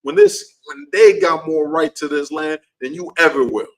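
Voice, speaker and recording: A man's voice: fairly high pitch, animated, normal speed, a bit bright, rough recording. A man teaching a class in an impassioned preaching style, heated and repetitive, his voice leaping upward when he gets worked up.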